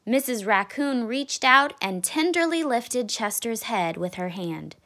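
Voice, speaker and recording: A woman, a teacher, reading a children's picture book aloud in an expressive, deliberate way. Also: a little high. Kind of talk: read-aloud storybook narration.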